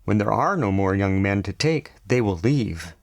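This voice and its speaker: A man's voice: fairly low pitch, lively intonation, moderate pace, no echo, clean studio sound. A man reading a novel aloud and voicing a protective village mother in a raised, urgent tone. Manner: pleading, urgent.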